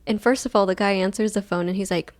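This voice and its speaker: A woman's voice: medium pitch, fast. Laid-back young woman hosting her podcast. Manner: chill, laid-back, monotone delivery; rambling with many fillers like "like". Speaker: podcast host. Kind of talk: casual solo podcast storytelling.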